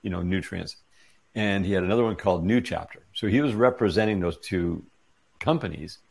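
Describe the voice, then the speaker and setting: Middle-aged man, storytelling guest: deep, husky, gravelly voice, acts out the quoted lines. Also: fairly quick. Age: 40s or 50s. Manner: animated retelling with quoted dialogue. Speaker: interview guest. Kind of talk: casual storytelling.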